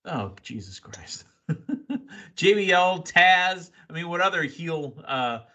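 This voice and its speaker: A man hosting a casual wrestling recap podcast, excitable and quick with asides and laughs. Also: on the high side. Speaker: podcast host.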